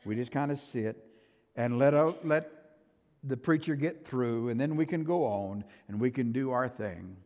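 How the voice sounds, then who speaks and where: An older male pastor preaching a sermon, emphatic and swinging from loud to soft, in a church sanctuary. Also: medium pitch, a little slow. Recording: reverberant church hall.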